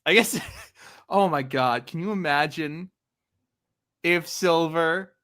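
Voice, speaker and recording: A man's voice: fairly high pitch, slow, fairly bright tone. A man hosting a casual comic-book chat, laughing often as he retells scenes. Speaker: podcast host.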